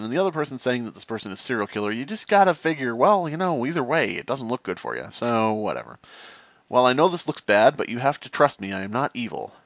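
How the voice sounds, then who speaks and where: Lively man thinking aloud over a game. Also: mid-range voice, no room sound. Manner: animated, jokey, thinks aloud. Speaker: gaming commentator. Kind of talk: casual let's-play commentary.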